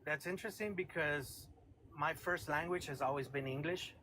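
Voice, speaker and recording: Man from Texas, tense bright voice, faint noise behind, measured and defensive. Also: a little high, poor audio. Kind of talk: casual debate.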